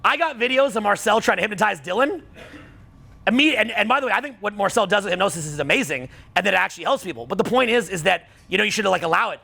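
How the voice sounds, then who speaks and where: Man, middle-aged, seminar coach; blunt, profane, prone to heated outbursts; high voice. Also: lively intonation, fast talker, gravelly, bright, forceful tone. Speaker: dating and social skills coach. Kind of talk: seminar talk to a live audience.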